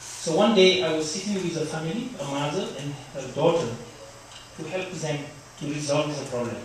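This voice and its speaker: A man's voice: fairly high pitch, normal speed, a little hiss or hum. A middle-aged man giving a university lecture on human rights, explaining earnestly and telling a personal story. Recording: echoey room recorded from far off.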